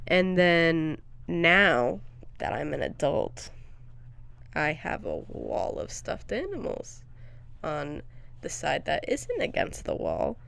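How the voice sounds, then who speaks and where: A woman's voice: sits low, wildly swooping pitch, slow, creaky, fairly bright tone. A young woman co-hosting a podcast, telling frank, candid stories in casual chat with lots of filler words. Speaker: podcast co-host.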